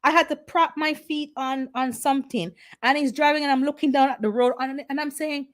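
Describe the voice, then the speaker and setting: A woman with a Jamaican accent chatting casually on a livestream, telling stories in a lively, chatty way. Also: high-pitched, brisk, hardly any pauses. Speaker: gardening channel host.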